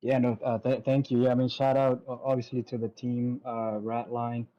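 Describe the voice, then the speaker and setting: A racing driver, a man, answering post-race questions in a modest, halting way over dull lo-fi call audio. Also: medium pitch, little pitch movement.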